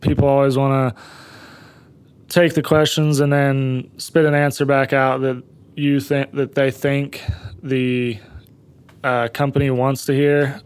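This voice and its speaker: Plain-spoken young man, very smooth voice. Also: medium pitch. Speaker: intern.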